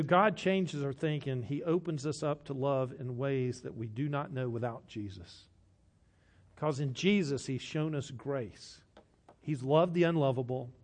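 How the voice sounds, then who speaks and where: A man, a pastor delivering a sermon who tells a story and drops to a hush for quoted lines. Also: mid-range voice.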